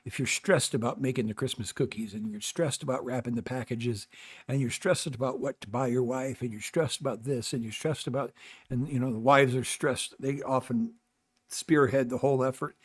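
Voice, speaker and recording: An older man from North America hosting his own channel, giving rambling, halting advice in casual talk with many fillers and restarts. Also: mid-range voice, darkish tone, breathy edge. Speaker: channel host.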